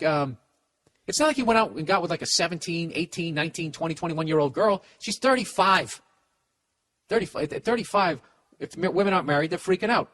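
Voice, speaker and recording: Profane, stammering man with a higher voice. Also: a bit bright. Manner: profane, blunt, stammering restarts. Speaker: podcast host. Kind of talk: comedic advice rant.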